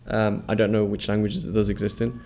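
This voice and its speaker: A man teaching Arabic letter sounds, patiently repeating each sound slowly and checking with the listener as he goes. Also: on the low side, flat delivery, darkish tone. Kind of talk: instructional explanation with repeated model words.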